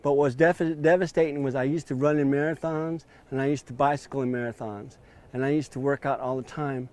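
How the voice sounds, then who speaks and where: A man's voice: mid-range voice, steady tone, fairly quick, darkish tone. A man in his fifties telling his story in an interview, acting out quoted dialogue with a raised voice. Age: 50s.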